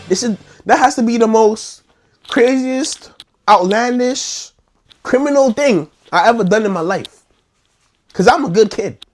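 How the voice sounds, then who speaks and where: A young man telling a wild story in a slangy, animated vlog, acting out the scenes. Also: high voice, moderate pace, faint music behind. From New York.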